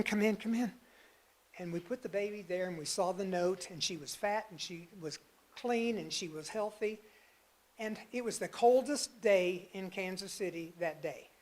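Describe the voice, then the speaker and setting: A man giving a talk as a guest speaker, telling a personal story with lively swings between loud bursts and hushed passages. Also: high voice.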